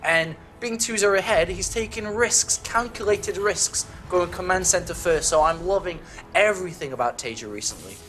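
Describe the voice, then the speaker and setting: A man's voice: sits high, animated, normal speed, fairly bright tone, a little hiss or hum. A man casting a video game match, playful and chatty, poking fun at himself. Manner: playful, self-mocking, chatty. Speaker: esports caster. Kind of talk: casual game commentary.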